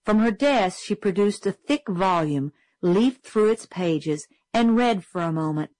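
A woman reading a novel aloud as an audiobook narrator, steady and clear. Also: mid-range voice, measured pace, few pauses, no echo, low-quality recording. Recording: dry close studio sound.

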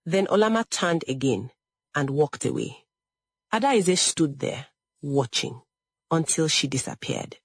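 A woman narrating a sad story in a measured, dramatic way with lingering pauses. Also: sits low, animated, husky, dry recording, studio quality.

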